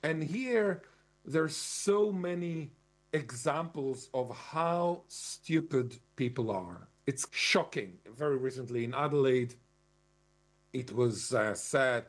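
A man's voice: mid-range voice, slow pace. A man giving an argumentative lecturing monologue, stressing key words and spelling out terms. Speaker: commentator.

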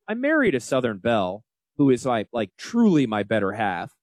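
A man in his forties with a Northern US accent, hosting a casual financial talk radio show in an animated, emphatic and folksy way. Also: mid-range voice, brisk, dry recording. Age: 40s. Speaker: financial advisor radio host.

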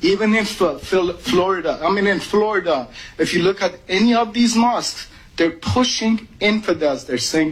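A man's voice: high voice, moderate pace, few pauses, slight background noise, poor audio. A man from Iran giving urgent, emotional public testimony at a podium microphone. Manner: urgent, emotional, rising to pleading. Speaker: public commenter at a meeting.

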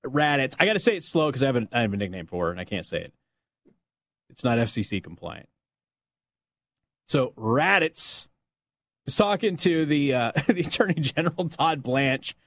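A man's voice: medium pitch, brisk, long pauses, no echo. A man hosting a talk radio show, delivering an opinionated, mocking monologue on a close studio mic. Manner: sarcastic, mocking, animated.

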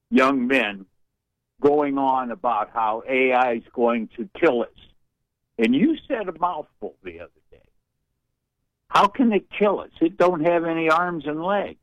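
An older man calling in to a radio show, talking in a folksy, rambling, wry way and clearing his throat from allergies. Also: on the high side, a bit bright, no room sound, lo-fi sound. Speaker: radio caller. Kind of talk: call-in radio chat.

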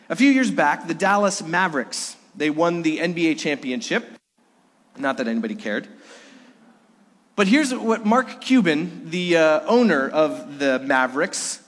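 A man's voice: fairly high pitch, in a large hall. A man preaching a sermon, earnest and story-driven, asking his listeners questions as he goes. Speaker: pastor.

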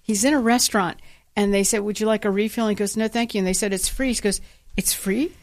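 A woman co-hosting a radio talk show, swapping stories in loose, casual chat. She acts out the quotes in her anecdotes with lively energy, and her voice sits mid-range for a woman. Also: mid-range voice, rapid-fire. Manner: animated storyteller, acts out quotes.

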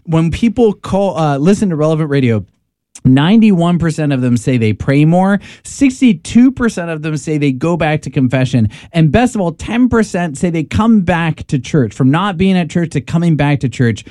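A man's voice: a little high, lively intonation, warm tone, no echo, clean studio sound. A man co-hosting a radio pledge drive, making an earnest, persuasive appeal with some stumbles. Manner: earnest, persuasive, quick with repetitions. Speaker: radio co-host.

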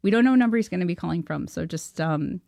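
Excitable Canadian woman, interview guest, dry close mic. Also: on the low side, fast talker, creaky, no echo. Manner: excitable, laughing often, acting out quoted dialogue. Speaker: filmmaker guest. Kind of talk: animated storytelling in an interview.

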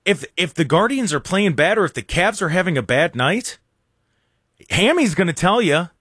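A man hosting a casual sports talk show, excitable and rambling, with a sarcastic streak. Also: sits high, moderate pace, husky, dry recording, studio quality. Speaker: sports radio host.

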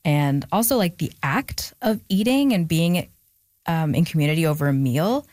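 A woman's voice: deep voice, expressive, moderate pace, darkish tone, no room sound, clean studio sound. A woman author talking reflectively about her family, with frequent fillers. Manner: reflective, gets emotional, many fillers. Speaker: author guest. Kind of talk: casual interview chat.

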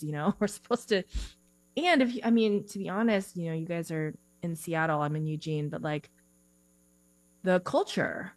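A woman career coach talking in a relaxed, chatty way on a podcast, speaking from her own place over a remote call. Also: on the low side, moderate pace, no echo. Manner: chatty, animated, frequent "like" fillers. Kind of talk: podcast interview. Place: home office, remote call.

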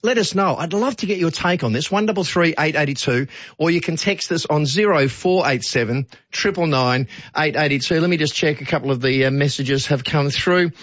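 A man's voice: a little high, brisk, fairly bright tone, no echo, dull audio. A man with an Australian accent hosting a radio show in a chatty, jokey way, reading out listener texts. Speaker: radio host. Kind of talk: casual radio chat.

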